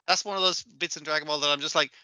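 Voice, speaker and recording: A man co-hosting a podcast, animated and swearing freely as he acts out what he saw. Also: on the high side, rapid-fire, no room sound. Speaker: podcast co-host. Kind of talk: casual chat.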